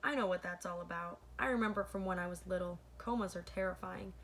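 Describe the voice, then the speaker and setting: A woman reading a children's novel aloud as the host of her own read-aloud channel. She corrects her own slips mid-sentence and pauses to add asides to her listeners. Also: fairly low pitch, fairly bright tone. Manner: stops to comment to listeners between passages.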